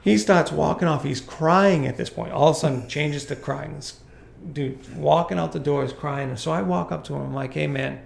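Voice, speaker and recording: A man hosting a podcast, swearing freely as he tells an animated workplace story in casual chat. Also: fairly high pitch, normal speed, creaky, roomy sound. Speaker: podcast host, golf course superintendent.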